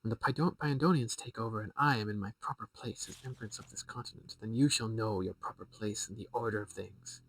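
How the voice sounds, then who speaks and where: A man's voice: on the low side, fairly quick, few pauses, far from the mic. A man voicing a scheming, haughty queen mother who speaks breezily and cuttingly. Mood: imperious.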